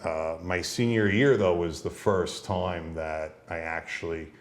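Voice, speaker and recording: A man's voice: deep voice, measured pace. A man in his thirties, a wrestler, chatting casually in an interview and telling stories with lots of fillers. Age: 30s. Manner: rambling, relaxed, frequent fillers. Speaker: guest, pro wrestler.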